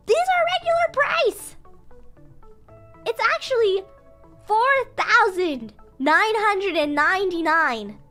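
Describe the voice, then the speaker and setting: A woman's voice: very high-pitched, big pitch swings, slow, pauses often, bright, forceful tone, soft background music, pitched above the performer's own voice, full character voice. A woman voicing a snippy store cashier who curtly insists and repeats herself.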